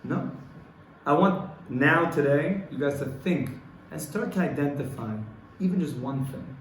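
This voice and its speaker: A man teaching a Torah class to a small group, earnest and rhythmic, swelling louder and higher to stress his points. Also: a little slow, slight background noise. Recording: echoey room, faint room ambience.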